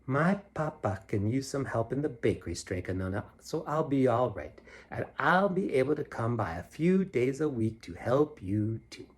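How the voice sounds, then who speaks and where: Huffy young woman, done by a man reading aloud, scolding, lively storybook voice. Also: mid-range voice, moderate pace, lightly acted. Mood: steady. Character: indignant young woman, a baker's daughter. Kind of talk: picture book read aloud.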